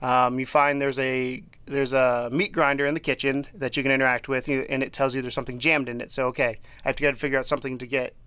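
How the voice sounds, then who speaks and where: A man's voice: mid-range voice, little pitch movement, quick pace, hardly any pauses, sharp tone, clear, resonant tone, no echo. A man co-hosting a podcast, chatting casually about a game he played, rambling with lots of restarts and little laughs. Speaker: podcast co-host. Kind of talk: casual chat reviewing a game.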